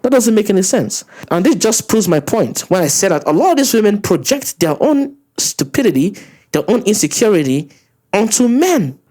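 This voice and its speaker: A man ranting through a reaction commentary, incredulous and profane, his voice swinging up high when he gets worked up. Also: sing-song, normal speed, warm tone. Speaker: commentary channel host.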